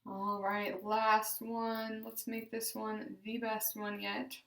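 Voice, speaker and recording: Woman, exercise class leader, slow deliberate instructions, bright voice, distant echoey room. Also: a little high, level tone. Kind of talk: guided speech exercise class. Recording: roomy sound from a distance.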